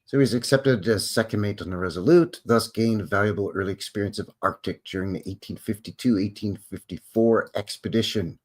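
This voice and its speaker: Wry Canadian man, low voice. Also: fairly quick, few pauses, breathy edge. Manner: wry offhand asides between read-out facts. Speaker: live show host. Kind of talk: casual live-stream commentary, reading aloud.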